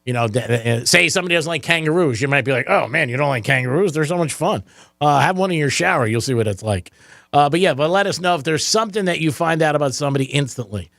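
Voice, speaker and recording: A man hosting a talk radio show in the studio, joking and getting excited, laughing often. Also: on the high side, fast talker, no echo. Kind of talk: casual talk radio banter. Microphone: studio microphone.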